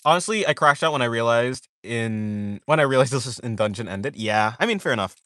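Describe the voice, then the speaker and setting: Male streamer, casual chat. He rambles and corrects himself mid-sentence, with lots of "like" fillers, and his pitch swings a lot. Dry, close sound. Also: animated, brisk, a bit bright, no echo. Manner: reads viewer questions aloud and answers them. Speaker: art streamer chatting with viewers.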